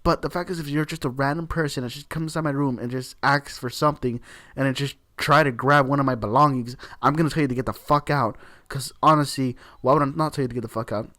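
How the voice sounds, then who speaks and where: A man's voice: medium pitch, fairly bright tone, no echo. Heated ranting man, dry close sound. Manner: heated, repetitive, swears often, leans on "literally". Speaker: video creator. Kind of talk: opinion rant to camera.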